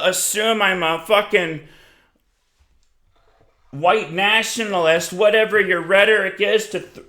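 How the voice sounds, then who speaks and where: A man's voice: high voice, a bit bright, roomy sound. A man delivering an aggressive, profane, grandiose rant straight at his listeners. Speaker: self-styled lecturer. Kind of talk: angry ranting monologue.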